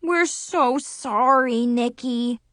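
A woman's voice: fairly high pitch, extremely slow, fairly bright tone, no echo. Woman reading as Zoe, a worried teen girl. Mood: warning. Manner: urgent, warning.

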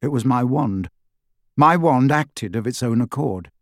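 Frustrated teen boy, read by a male narrator, strained and louder, lively pitch. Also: a little slow, dry recording, studio quality. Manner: strained, raised voice. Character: teenage boy hero, tense and frustrated.

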